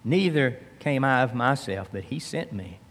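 A man preaching from the Bible, reading verses slowly and then explaining them in plain speech. He rises for emphasis and drops low and soft. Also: expressive, big-room sound. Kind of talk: expository Bible teaching.

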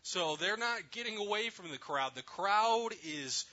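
A man preaching a sermon, retelling a scripture story with emphasis and dropping at times to a soft, near-whispered voice. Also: high-pitched, animated, unhurried, dull audio.

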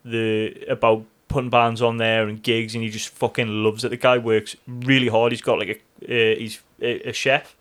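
A man's voice: mid-range voice, little pitch movement, moderate pace, few pauses, fairly bright tone. A man co-hosting a podcast, chatting in rambling, sweary banter and laughing often. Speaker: podcast co-host. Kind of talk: casual chat.

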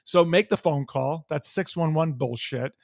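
An American man with a slightly high voice and vocal fry tells a heated, profane story at normal speed, playing both sides of a phone call. He's an animated podcast co-host in a casual storytelling rant, recorded in a clean studio with no room sound.

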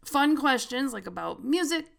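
A woman's voice: high voice, expressive, moderate pace, creaky. A middle-aged woman hosting a podcast, telling stories in a chatty way and laughing often. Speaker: podcast host. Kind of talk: casual chat.

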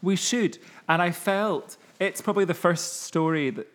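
A podcast co-host in his twenties chats casually, with a wry, self-mocking manner. His voice sits high, a bit bright, and moves a little slowly.

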